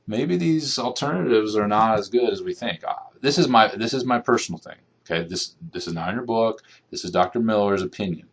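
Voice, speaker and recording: A middle-aged man with a very low voice lectures a class in a relaxed, conversational way. He keeps checking in with the room, tossing in "okay" and "right" as he goes. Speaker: nutrition lecturer.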